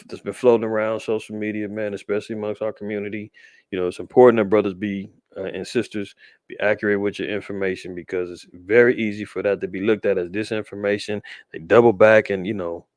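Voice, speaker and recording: Male host, low voice, loose street-slang news commentary, dry sound. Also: dry recording. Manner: loose, conversational, restarts and slang. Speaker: podcast host.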